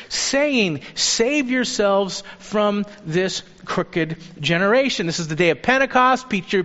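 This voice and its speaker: A man preaching a sermon as a pastor, earnest and urging, turning lively when he acts out the people he quotes. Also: high voice. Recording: dull sound with long reverb of a hall.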